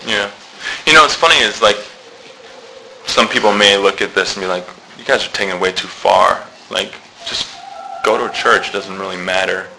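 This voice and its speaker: A man's voice: on the low side, moderate pace, creaky, pushed and bright, slight background noise, poor audio. A man talking casually in a church discussion group, chatty, acting out quoted remarks and laughing often.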